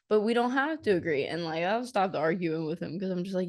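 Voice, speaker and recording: A woman's voice: on the low side, expressive, fairly quick. A woman co-hosting a podcast, chatting casually, quoting past arguments with playful slang. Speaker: podcast co-host. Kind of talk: casual chat.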